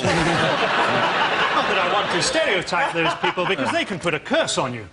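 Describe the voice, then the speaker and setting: Male comedian, sardonic, husky tense voice. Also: a little high, big pitch swings, normal speed, pushed and bright. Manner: sardonic, provocative. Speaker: comedian panellist. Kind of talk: stand-up jokes.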